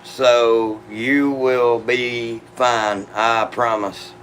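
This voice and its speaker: A man's voice: medium pitch, steady tone, very slow, fairly bright tone, a little hiss or hum, rough recording. A man hosting a gun channel, answering live chat questions in a laid-back, profane, drawling way. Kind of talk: casual livestream chat.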